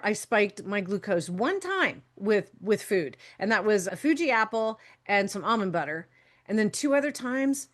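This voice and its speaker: A woman's voice: mid-range voice, fairly bright tone. A woman hosting a solo podcast as a health coach, talking in a chatty, frank way, laughing often, swearing casually and stretching words for emphasis.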